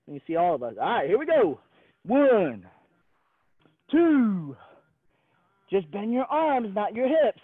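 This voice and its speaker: An upbeat man coaching a gymnastics class over a video call, his voice pitched high and swinging widely as he counts reps and cheers the kids on. The audio is thin and phone-like. He sounds like he's in an indoor gym. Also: no room sound. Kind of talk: leading a live online exercise class.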